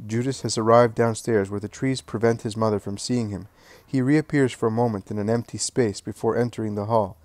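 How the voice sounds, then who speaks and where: A man's voice: lowish voice, steady tone, a little fast, a little mellow, no room sound, clean studio sound. Man reading a solemn story. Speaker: narrator. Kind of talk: scripted narration.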